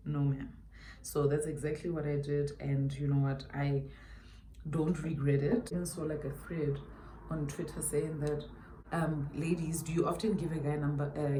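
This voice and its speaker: A South African woman with a low, mellow voice tells a story to the camera while doing her makeup. She talks in an emphatic, chatty way and repeats key lines for weight. The recording has the echo of a bare room at home. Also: a little hiss or hum. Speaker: beauty YouTuber.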